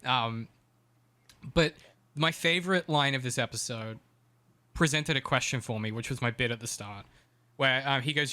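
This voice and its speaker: A man's voice: mid-range voice, moderate pace, long pauses, sharp tone, clear, resonant tone. A man co-hosting a podcast in casual chat, chatty and profane with frequent ums. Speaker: podcast co-host.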